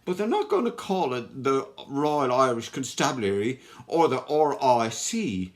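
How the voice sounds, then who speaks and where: A man's voice: medium pitch, very animated, a little slow. A man playing a chatty, mocking male policeman with a London accent, in a comic costumed history act for children. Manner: chatty, mocking, stumbling over words.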